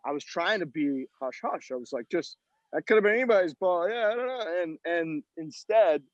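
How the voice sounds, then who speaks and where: A man's voice: fairly high pitch, animated, brisk, no echo, highs cut off. A man co-hosting a podcast, calling in from outdoors at a golf tournament and telling self-mocking, profane stories about his round. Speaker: podcast co-host. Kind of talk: casual chat.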